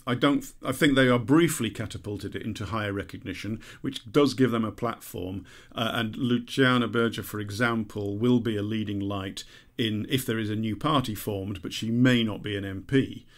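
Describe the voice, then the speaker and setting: A man's voice: on the low side, steady tone, moderate pace, few pauses. A man co-hosting a podcast, reading listener letters aloud with frequent laughs and restarts. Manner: chatty, laughs often, stumbles and restarts while reading. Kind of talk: casual chat.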